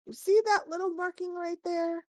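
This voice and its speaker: A woman's voice: extremely high pitch, level tone, normal speed, warm tone, no room sound, pitched above the performer's own voice. A woman putting on a huffy shopkeeper man. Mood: appraising. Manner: haughty, grumbling haggler. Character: fussy male jewel appraiser shopkeeper, easily offended.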